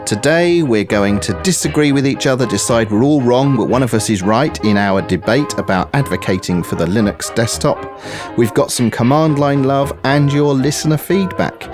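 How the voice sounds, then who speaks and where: Male podcast host, mid pitch, upbeat, faint music underneath. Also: lively intonation, normal speed. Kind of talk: casual tech podcast chat.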